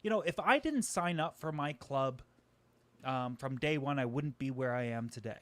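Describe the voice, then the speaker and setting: A man who is a guest on a live stream, talking from a home microphone in energetic, joking bursts and poking fun at himself. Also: medium pitch, no echo. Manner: energetic, joking, talks in quick bursts, self-deprecating. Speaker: guest, aquarium YouTuber. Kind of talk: casual live-stream chat. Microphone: home microphone just set up.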